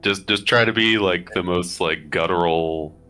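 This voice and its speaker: A man voicing a gruff orc-like brute in a put-on guttural Cockney-esque accent. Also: normal speed, over loud music, lightly acted. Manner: guttural, low and drawling.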